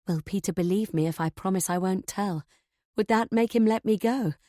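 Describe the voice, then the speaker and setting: A woman reading a first-person thriller audiobook in a measured, tense way. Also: mid-range voice, warm tone, no room sound, studio quality. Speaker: audiobook narrator.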